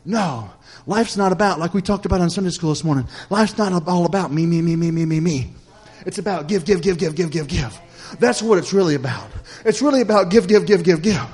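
A male pastor preaching a sermon, repeating phrases in a rhythmic cadence, asking "Amen?" of the congregation, swinging between loud emphatic lines and soft hushed ones. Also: sits high, fairly quick, few pauses, husky, soft background music. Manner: preacherly, repetitive cadence with call-and-response "Amen?".

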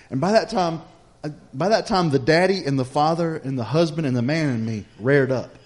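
A man's voice: on the high side, lively intonation, fairly quick. Folksy preacher man. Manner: folksy storytelling, builds to loud preaching. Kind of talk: sermon.

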